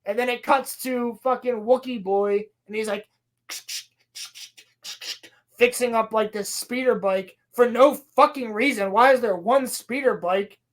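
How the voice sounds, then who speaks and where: A woman on a podcast, casually recapping a show with sarcasm and a lot of swearing, slipping into quick playful voices for quoted lines. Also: a little high. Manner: sarcastic, profane, mocking. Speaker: podcast co-host reviewing a TV show. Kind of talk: casual chat.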